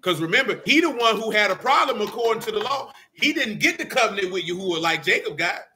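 A man leading a Bible study in a folksy, animated preaching style, quizzing his listeners and calling them "boy" and "man". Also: sits high, quick pace, slight background noise.

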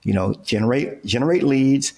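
A medium-pitched, expressive man with a creaky, mellow voice speaks at normal speed as an interview guest. He's a real estate entrepreneur and coach, pressing his ideas emphatically in casual talk with everyday examples and regular "okay" and "right" checks.

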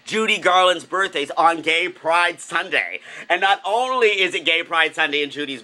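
A man's voice: a little high, expressive, normal speed, few pauses, pushed and bright. A man hosting a comedic vlog, flamboyant and gushing, recorded on a phone. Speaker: vlogger host.

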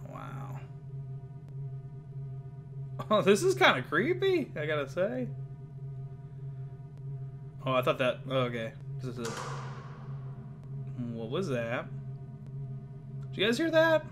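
A man's voice: a little high, huge pitch swings, slow, pauses often, music in the background. A man giving chatty let's play commentary, reacting aloud as he plays. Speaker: gamer.

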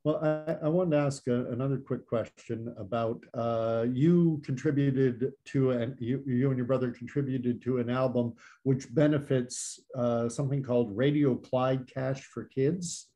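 A male interview host asking questions in a relaxed way, with hesitant restarts. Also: mid-range voice, a little slow, few pauses. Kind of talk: casual interview.

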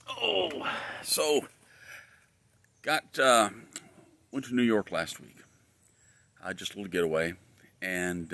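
A man's voice: low-pitched, sharp tone. A man preaching a casual sermon outdoors in his backyard, telling folksy stories with plenty of filler words. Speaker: pastor.

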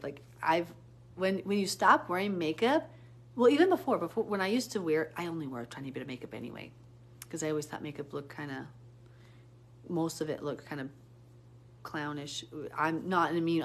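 Casual woman host, lowish voice, chatty and rambling, talks straight to viewers. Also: slight background noise. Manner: animated storytelling with sudden pitch jumps. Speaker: Bible teacher hosting a live stream. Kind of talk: casual live-stream chat.

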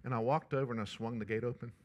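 A male pastor, preaching a sermon and telling a personal story in a lively, conversational way. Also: mid-range voice, very fast.

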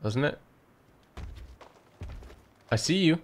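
Playful gamer guy with lively pitch. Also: very slow, background noise. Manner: playful, goofy exclamations. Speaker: gaming YouTuber. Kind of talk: casual co-op gameplay chat.

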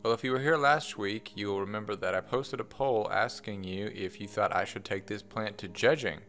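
A man's voice: fairly low pitch, moderate pace, a bit bright. A man hosting a casual plant vlog, talking in a friendly, conversational way with the odd "uh". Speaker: vlog host. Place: botanical garden greenhouse.

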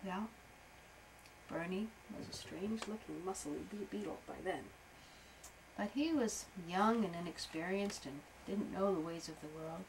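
A woman improvising a story for a young child at home, animated, with playful sound effects and soft asides. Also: lowish voice, moderate pace, background noise.

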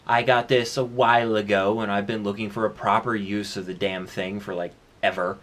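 A man with a low, flat voice, fairly bright in tone and at normal speed, vlogs solo while holding the camera and speaking into its built-in mic. His talk rambles chattily, packed with "uh" and "I mean" asides.

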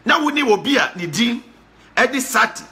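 A man with a Ghanaian accent giving lively, repetitive casual commentary, slipping between Pidgin and Twi. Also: extremely high pitch, normal speed.

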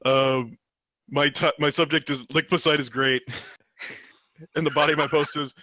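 Comic read: man voicing a giggly forum poster in a fake accent, higher and sharp, dry podcast sound. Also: steady tone, normal speed, no room sound. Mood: goofy. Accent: put-on exaggerated accent. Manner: giggly, playful. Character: goofy man posting as a Lickpa. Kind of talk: comedy reading of a forum post.

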